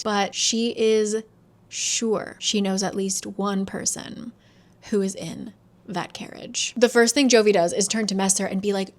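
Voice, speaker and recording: A woman casually recapping a novel's plot, sarcastic and chatty, acting out the characters' lines with quick asides and the odd swear. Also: medium pitch, steady tone. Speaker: book reviewer.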